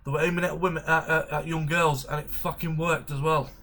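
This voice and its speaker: A man's voice: a little high, level tone, a little fast, pushed and bright. A young man chatting casually as a reaction streamer, rambling through jokey asides. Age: young adult. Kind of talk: casual chat.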